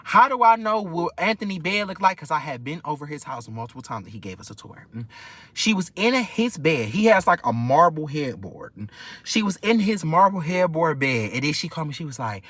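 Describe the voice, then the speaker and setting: A man hosting a storytime vlog, gossipy and animated, who swears freely. His pitch sits a bit high and moves a lot. The sound is dry and close. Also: fairly quick, no room sound. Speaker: vlog host.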